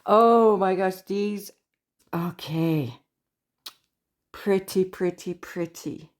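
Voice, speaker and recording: A woman from Canada talking casually as a crochet vlogger, gushing and excitable as she opens mail. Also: mid-range voice, extremely slow. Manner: gushing, excitable, frequent squeals and laughs. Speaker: crochet YouTuber. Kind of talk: casual unboxing vlog.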